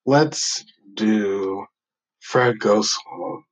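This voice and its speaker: A man hosting a casual commentary, talking slowly and haltingly with fillers. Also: fairly low pitch, poor audio. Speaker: host reacting to videos.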